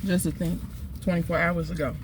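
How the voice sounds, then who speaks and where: A woman's voice: lowish voice, level tone, brisk, background noise. A woman telling a story while eating in a casual food vlog, chatty and emphatic. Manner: chatty, emphatic, Southern US slang. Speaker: food vlogger.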